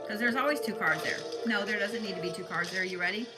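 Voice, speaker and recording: Host, female, young adult, casual tarot reader who swears freely, mid-pitched, loud music under her. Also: fairly even intonation, quick pace, low-quality recording. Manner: blunt and profane, talks straight to viewers.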